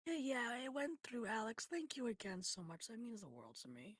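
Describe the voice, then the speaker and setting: Woman streamer, higher husky voice, chatty and profane, slips into whispers, dry close sound. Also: lively intonation, moderate pace, few pauses, no room sound. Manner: chatty, swears freely, drops into whispered asides. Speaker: livestreamer. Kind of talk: casual stream chat while gaming. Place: home computer setup.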